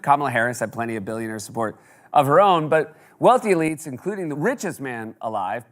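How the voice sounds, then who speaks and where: A man's voice: medium pitch, fairly bright tone. A man hosting a comedy show, delivering a scripted monologue with sarcastic, mock-exasperated jokes.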